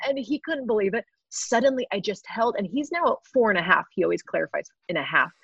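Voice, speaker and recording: A woman's voice: mid-range voice, expressive, fairly quick, creaky, fairly bright tone, husky, dry recording. A woman in her thirties, a guest sharing an earnest personal testimony with frequent laughs. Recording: slightly dull lo-fi recording.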